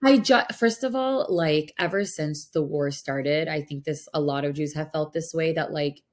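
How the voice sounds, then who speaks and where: A woman co-hosting a counseling podcast, telling a story in casual chat with animated delivery and frequent "like" fillers. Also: low-pitched, normal speed. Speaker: podcast co-host, mental health counselor.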